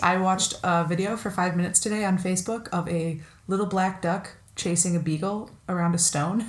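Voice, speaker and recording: A woman co-hosting a podcast, chatting casually and telling a joke with playful, animated delivery and frequent laughs. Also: on the low side, normal speed. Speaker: podcast co-host. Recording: echoey room.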